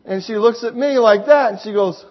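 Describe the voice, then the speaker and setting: In a high, brisk voice, a male pastor delivers a sermon packed with folksy personal stories, his voice rising emphatically. The sound quality is lo-fi and a bit dull.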